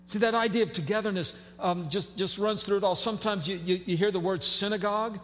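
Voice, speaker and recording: A man's voice: high-pitched, fairly even intonation, fast, a bit bright, long reverb tail, slight background noise. A man preaching a sermon as pastor, conversational and folksy, with fillers and playful asides. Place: church sanctuary.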